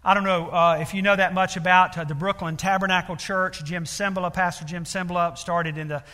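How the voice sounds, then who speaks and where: Bright-voiced preacher in an echoing hall. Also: male voice, high voice, flat delivery, a little fast. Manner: earnest storytelling with many fillers, building to emphatic appeals. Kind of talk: sermon. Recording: long reverb of a large hall.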